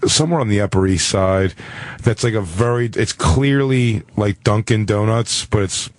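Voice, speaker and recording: A man's voice: fairly low pitch, moderate pace, no room sound. A man co-hosting a talk radio show, telling a rambling, crude story in casual banter.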